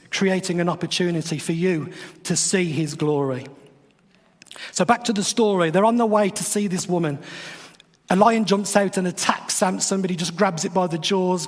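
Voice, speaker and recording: A podcast host with a high voice retells a Bible story in a chatty, wry way, tossing in playful asides. It's casual devotional storytelling, and the audio has a big-room sound.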